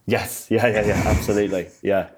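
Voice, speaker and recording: A man's voice: lowish voice, fairly even intonation, fairly quick, a loud crowd. A man with a faded Grimsby accent, a guest in a casual podcast chat, laid-back and self-mocking. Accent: Grimsby, Lincolnshire English, diluted. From England.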